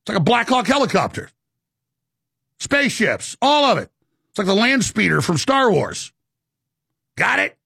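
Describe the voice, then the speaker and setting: Gravelly, husky high-voiced man ranting. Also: big pitch swings, moderate pace, pauses often, bright, forceful tone, no room sound, clean studio sound. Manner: rambling, emphatic, with many stammered restarts. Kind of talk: impassioned monologue.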